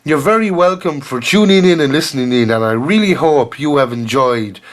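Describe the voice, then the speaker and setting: An Irish man talks alone into his podcast in an earnest, rambling manner. His voice sits at an ordinary middle pitch but often leaps upward as he makes a point. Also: lively intonation, normal speed. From Ireland. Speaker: podcast host. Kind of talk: solo podcast monologue.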